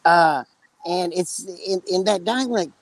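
A man with a West Texas accent co-hosts a podcast, chatting casually and rambling through long, joking stories. His voice sits high and his pace is unhurried, though the audio is poor.

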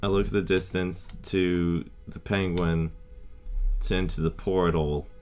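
A man's voice: sits low, steady tone, measured pace, faint music behind. A man playing a tabletop game, speaking in character with dry retorts. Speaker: player.

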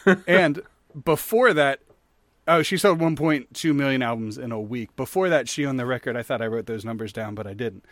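A man talks casually on a podcast, winding through his story with lots of ums and likes. His voice is mid-pitched and the recording is dry and close. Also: fairly quick, dry recording. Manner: rambling, animated storyteller with many fillers. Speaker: podcast co-host. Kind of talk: casual chat.

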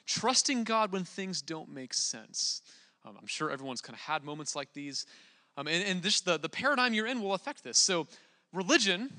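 A young man preaching a relaxed, conversational sermon, with plenty of fillers and restarts. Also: fairly high pitch, big-room sound.

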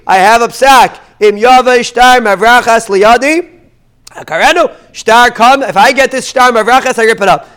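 A man gives a daily Talmud class, reading the Aramaic text and unpacking it in English. His voice sits high and sounds clean and resonant. He keeps it lively with rhetorical questions. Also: clean tone. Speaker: Talmud teacher.

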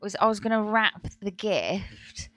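A woman's voice: mid-range voice, measured pace, dry recording. A woman co-hosting a podcast, chatting casually and acting out voices from her own stories. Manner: animated storyteller, acts out her younger self. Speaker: podcast co-host. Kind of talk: casual chat.

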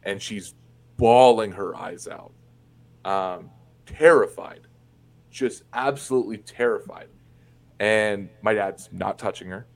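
A low, gravelly voice belongs to a man from Indiana who talks slowly and pauses often. Guesting on a podcast, he tells frank, profane personal stories, stumbling through fillers and restarts.

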